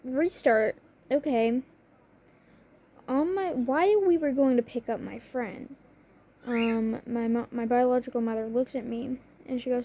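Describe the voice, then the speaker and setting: A woman's voice: fairly high pitch, fairly even intonation, moderate pace, warm tone. A young woman talking through personal matters in a rambling, self-interrupting way, with a cough. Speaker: vlogger. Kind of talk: personal confessional talk.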